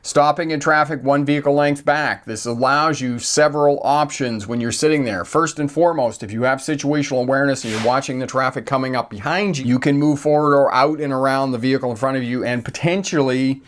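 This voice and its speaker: Older guy driving instructor, punchy and repetitive, folksy asides, mid pitch. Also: steady tone, a little fast, few pauses. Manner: emphatic, repeats key phrases, folksy asides. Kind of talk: instructional talk to camera.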